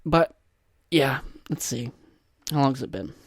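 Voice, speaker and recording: A young man talks alone into a podcast microphone, rambling loosely and cracking crude, self-deprecating jokes. His voice sits at an ordinary middle pitch. The sound is dry and close, with no room around it. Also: slow, no echo. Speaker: podcast host. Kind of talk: solo casual podcast monologue.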